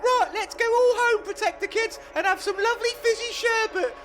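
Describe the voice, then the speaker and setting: A woman's voice: very high-pitched, normal speed, over music. A woman doing a plucky child hero. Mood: cheeky. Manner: cheeky, triumphant.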